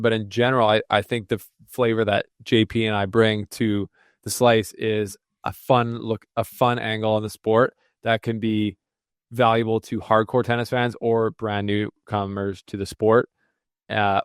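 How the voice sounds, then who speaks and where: A man's voice: on the low side, clear, resonant tone, dry recording, studio quality. A man co-hosting a casual tennis podcast, upbeat and chatty, hyping listeners and guests with frequent restarts. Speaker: podcast co-host.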